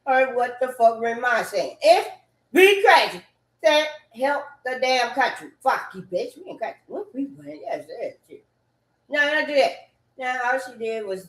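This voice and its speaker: A woman rambling casually and repetitively, swearing often and breaking into loud outbursts, sitting at home on a couch. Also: a little high. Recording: echoey room.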